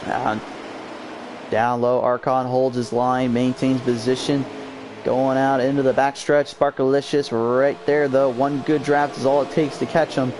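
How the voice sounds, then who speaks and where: A young man calling a sim racing league race, energetic, his voice jumping up when cars spin out. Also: a little slow. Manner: energetic, jumps high on crashes. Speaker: race commentator. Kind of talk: excitable sim racing play-by-play. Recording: noisy amateur stream audio.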